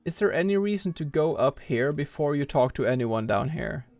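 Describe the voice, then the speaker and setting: A man's voice: fairly high pitch, expressive, moderate pace, gravelly, darkish tone, soft background music. A man streaming a speedrun, rambling casually and thinking aloud with lots of filler words. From Norway. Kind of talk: casual live-stream chat while playing.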